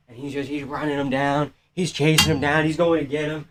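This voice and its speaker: A man doing casual, profane live-stream commentary on a fight from a room in his house. He shouts at big moments and talks low between them. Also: a little fast, hardly any pauses, slight background noise. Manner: excitable, profane, yells at the screen then chats quietly.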